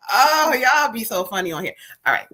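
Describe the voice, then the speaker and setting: A woman's voice: on the high side, very animated, unhurried, vocal fry, sharp tone, a little hiss or hum. A woman hosting a casual live-stream chat, laughing often and using slang as she reads viewer comments aloud. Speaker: tarot reader and co-host.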